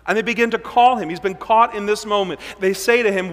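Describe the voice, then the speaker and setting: A man preaching a sermon as pastor, swinging between loud emphasis and hushed, low passages. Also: fairly even intonation, fairly quick, few pauses, long reverb tail.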